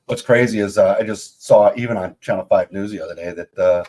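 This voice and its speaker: A man with a fairly low voice hosting a relaxed interview. He tells stories in a chatty, animated way and turns them into questions for his guest. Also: fairly quick. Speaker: host. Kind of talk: casual interview.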